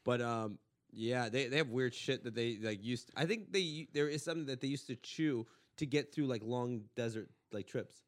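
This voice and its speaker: A man's voice: medium pitch, moderate pace. A man from Los Angeles, a comedian hosting a podcast, telling crude jokey stories. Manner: animated storytelling, profane and joking. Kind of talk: casual podcast chat.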